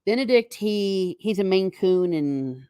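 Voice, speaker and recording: A woman hosting a casual livestream from home, chatting with viewers in a wandering way and breaking off into quick asides to herself. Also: medium pitch, animated, warm tone, clear, resonant tone, dry recording, clean studio sound. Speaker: livestream host.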